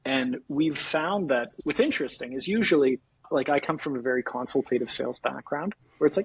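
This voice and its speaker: A man's voice: on the high side, brisk, hardly any pauses, breathy edge, dry recording, rough recording. A young Canadian man, a sales leader, talking energetically in a casual podcast interview and acting out lines from call scripts. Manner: energetic, laughs often, acts out call scripts. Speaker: sales executive guest.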